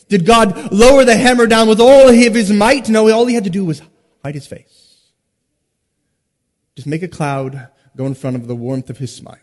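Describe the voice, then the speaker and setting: A man with a high-pitched voice preaches a sermon in a large sanctuary, and his words ring out with a long hall reverb. He swings between loud, emphatic stresses and hushed, slowed drops, often pausing on rhetorical questions. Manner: rhetorical questions and dramatic pauses. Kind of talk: expository sermon.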